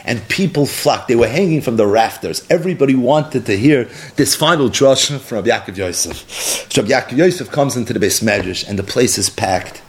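A man delivers a storytelling sermon with lively intonation, dramatically dropping his voice low and slow for emphasis. He weaves Hebrew and Yiddish terms into his English.

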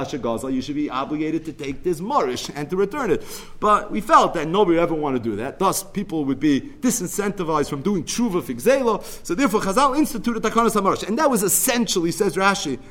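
A man teaching a Talmud lecture, telling its story in an animated way. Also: on the high side.

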